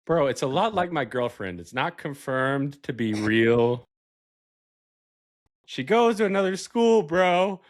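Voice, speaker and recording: A young man hosts a casual podcast chat, teasing his guest with crude jokes and laughing often. His voice is fairly high-pitched, animated, and slow.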